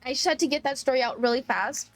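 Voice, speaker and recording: A woman's voice: high voice, fast talker, no room sound, soft background music. A woman streamer chatting casually about a sad trip story, tearful, laughing through tears and full of "like" fillers. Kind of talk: casual chat.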